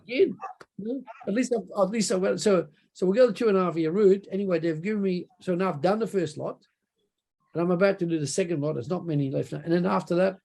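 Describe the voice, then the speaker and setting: Aussie guy chatting in an interview, high voice, raspy and gravelly, keeps saying right?. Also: quick pace, dark tone. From Australia. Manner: rambling, repeats words, frequent "right?" tags. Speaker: interview guest. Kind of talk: casual storytelling interview.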